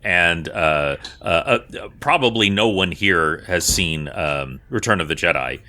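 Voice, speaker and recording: A man narrating as game master in a measured way with fillers and asides. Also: sits low, expressive, sharp tone.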